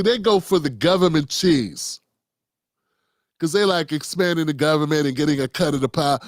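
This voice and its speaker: Blunt and profane, a man hosting a political commentary show speaks off the cuff in a rambling way, with lots of restarts. His voice is a little high, and the recording is dry, clean studio sound.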